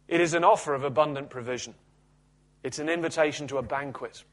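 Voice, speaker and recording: Male pastor, measured sermon delivery. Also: fairly high pitch. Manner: measured, earnest expository preaching. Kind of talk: sermon with scripture reading.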